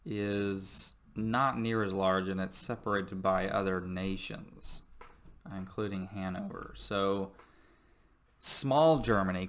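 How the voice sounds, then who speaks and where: Male history teacher, lower voice, loose and jokey lecture delivery with lots of fillers. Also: a bit bright. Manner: jokey, rambling, many fillers. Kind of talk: recorded classroom lecture.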